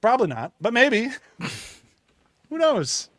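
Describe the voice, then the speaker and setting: A man's voice: extremely high pitch, wildly swooping pitch, takes it slowly, fairly bright tone, no echo, studio quality. A man co-hosting a casual movie podcast, laughing often and swearing casually as he recalls scenes. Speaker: podcast co-host.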